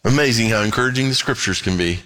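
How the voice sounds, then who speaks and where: A male pastor preaches a sermon and reads scripture aloud, his pitch swinging animatedly as he tosses in quick asides.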